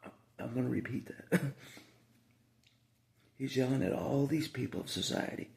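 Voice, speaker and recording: Man with a heavily gravelly voice and average pitch; rambling, repetitive vlog monologue. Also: moderate pace, darkish tone. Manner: rambling, repeats himself, frequent asides. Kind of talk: casual monologue to camera.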